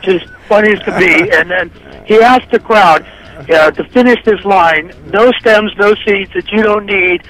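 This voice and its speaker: A man's voice: high voice, a little slow, a bit bright, low-quality recording. A man from California calling into a radio show, gushing enthusiastically as he tells a story. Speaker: caller. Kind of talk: call-in radio chat.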